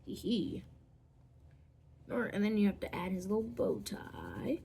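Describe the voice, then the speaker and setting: This woman vlogger's dark, gravelly voice swoops wildly in pitch at a normal speed as she talks through a drawing tutorial on camera. She rambles playfully, frequently whispers while drawing, and makes squeaky, silly noises. A little hiss or hum sits under the audio.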